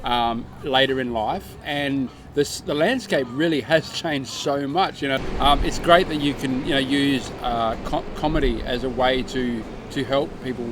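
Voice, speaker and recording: A man's voice: mid-range voice, a little slow, few pauses, background noise. A man hosting a casual interview chat, rambling along with fillers and restarts. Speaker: podcast host.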